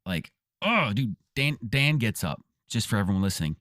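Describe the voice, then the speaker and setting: A man co-hosting a podcast in casual chat, telling stories in an excitable, chatty way. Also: lowish voice, moderate pace, dry recording, studio quality. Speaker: co-host. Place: basement studio.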